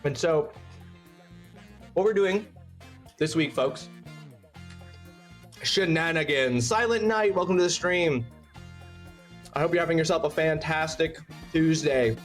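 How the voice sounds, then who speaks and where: A man's voice: a little high, measured pace, long pauses, faint music behind. A man hosting a casual charity stream, rambling and thanking his chat by name, snacking between words. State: eating while talking.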